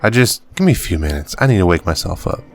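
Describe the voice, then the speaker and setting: A man voicing a tired, ill mother who speaks softly and reassuringly to her son. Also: low-pitched, lively intonation, quick pace, soft background music. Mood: gentle. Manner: soft, soothing, motherly.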